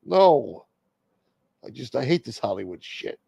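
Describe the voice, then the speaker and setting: A sulky, grumbling movie star defending himself to his wife, as a man acts him out. The voice is gravelly and dry, with lively swings in pitch. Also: a little slow, no echo, highs cut off, full character voice. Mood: grumbling, defensive. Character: grumpy, sulky middle-aged male movie star. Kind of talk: comedic impression in a rant.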